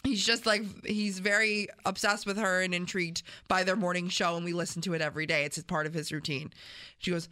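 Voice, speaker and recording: A woman whose voice sits on the low side and runs a little fast is co-hosting morning radio. Bantering casually into a studio microphone in the radio studio, she tells a lively story and acts out what each person said.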